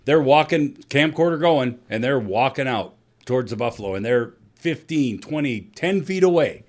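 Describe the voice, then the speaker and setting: A man co-hosting a casual podcast, his voice sitting at an ordinary middle pitch. He tells stories bluntly and animatedly, swearing freely and getting worked up as he goes. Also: animated, normal speed. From South Dakota. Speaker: podcast co-host. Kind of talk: casual sports podcast banter.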